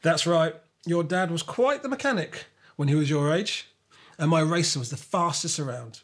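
A man voicing a gentle, wise father in a storybook reading, speaking softly and reassuringly. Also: a little high, lively intonation, moderate pace, voice pushed up. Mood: kind.

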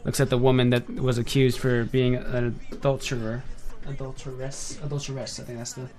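A man's voice: mid-range voice, flat delivery, normal speed, over music. A young man hosting a casual online radio show. He talks off the cuff to his listeners, rambling and often correcting himself along the way. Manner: rambling, with frequent self-corrections and filler; chatty and direct with listeners. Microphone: headphones with a desk mic.

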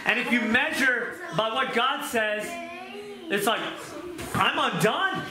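A man preaching a sermon to a small group in an earnest, conversational way, with quick asides and questions to his listeners. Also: very high voice, crowd noise. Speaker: pastor. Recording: echoey room with background noise.

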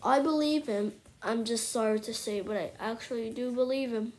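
A woman giving excitable commentary on her gameplay, exclaiming and at times whispering to her viewers. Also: fairly high pitch, moderate pace, slight background noise. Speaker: gameplay streamer.

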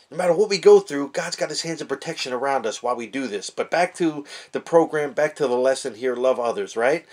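A man preaching casually to camera, fervent, swinging between hushed earnest talk and shouted praise, with street slang. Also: medium pitch, expressive, brisk, few pauses. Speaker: online preacher.

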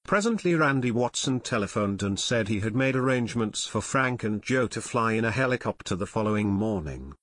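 A man narrating an unabridged audiobook in a steady storytelling manner on a close mic. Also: lowish voice, brisk, hardly any pauses, no room sound. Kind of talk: scripted narration.

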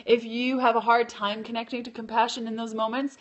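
A woman's voice: a little high, little pitch movement, a little fast, muffled recording. A woman hosting a casual live stream, chatty and loose, using lots of fillers and correcting herself as she goes. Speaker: podcast host and keto blogger.

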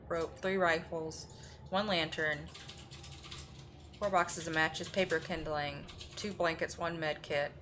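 A woman doing live commentary over a horror game, reading notes aloud and breaking off into sudden exclamations. Her voice is bright and fairly low, with faint noise underneath. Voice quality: reads aloud and reacts with exclamations. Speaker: streamer.

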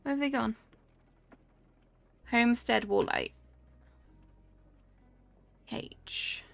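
Chatty woman streamer with gravelly fry. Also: on the high side, expressive, extremely slow. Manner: chatty, reacts aloud to the game and reads chat. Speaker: game streamer. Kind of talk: casual live-stream chat while playing.

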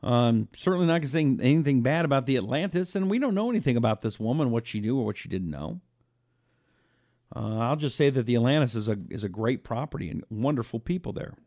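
Animated talk show host man. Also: mid-range voice, fast talker, dry recording, clean studio sound. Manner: animated storytelling, acting out quotes. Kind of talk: talk radio monologue.

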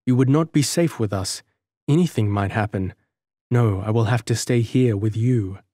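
A man reading an audiobook, voicing an earnest young traveller who speaks calmly, gently and sincerely. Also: on the low side, moderate pace, no echo, studio quality, natural voice.

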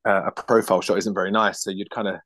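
A British man talking as a puppeteer guest in a casual interview. He is animated, laughs often and restarts his sentences quickly. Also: sits low, no room sound. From United Kingdom.

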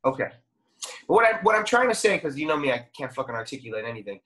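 A young man talks as a guest on a casual podcast, circling his point and restarting his sentences often. He swears freely and casually. His voice sits at a middle pitch. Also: very animated, fast talker, bright, forceful tone.

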